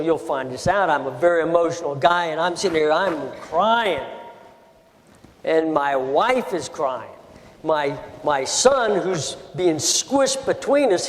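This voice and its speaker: An older man giving a speech in an auditorium, telling a personal story with animated, emotional shifts. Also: a little high. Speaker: speaker addressing an audience. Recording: hall reverb.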